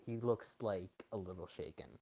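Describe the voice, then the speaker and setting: Playful game master man with a low voice. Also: fairly even intonation, moderate pace, dark tone. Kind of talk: narrating a tabletop game.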